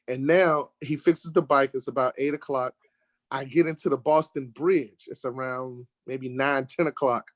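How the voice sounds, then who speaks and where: An American man telling a lively road-trip story in casual conversation, getting worked up when he acts out arguments. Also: medium pitch, normal speed, no room sound. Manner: animated storyteller, rising sharply when acting out arguments. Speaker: guest telling a travel story. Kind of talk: casual storytelling in an online talk show.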